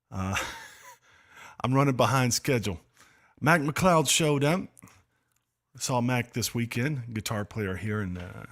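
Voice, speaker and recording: Man hosting a rambling livestream chat. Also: lowish voice. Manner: rambling, apologetic, loose with many fillers. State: slightly out of breath. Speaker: livestream host.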